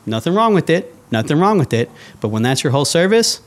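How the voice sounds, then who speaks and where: A man's voice: on the high side, big pitch swings, a little fast. A man in an interview, telling a personal story casually and acting out his own past thoughts. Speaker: interview guest.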